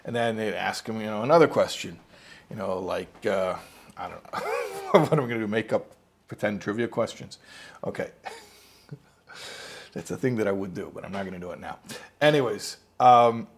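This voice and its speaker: A man's voice: on the low side, normal speed, long pauses, breathy edge. A man giving an informal spoken lesson as a religious teacher. He tells the story in a rambling way, restarts himself, and acts out the quotes.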